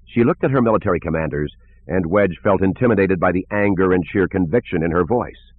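Deep, husky male audiobook narrator. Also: brisk. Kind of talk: scripted narration. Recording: tinny phone-like lo-fi audio.

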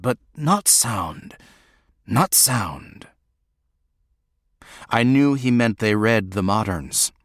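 Brief: male audiobook reader, slow, dry close studio sound. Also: mid-range voice, dry recording. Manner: measured, reflective. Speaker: audiobook narrator. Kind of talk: first-person audiobook narration.

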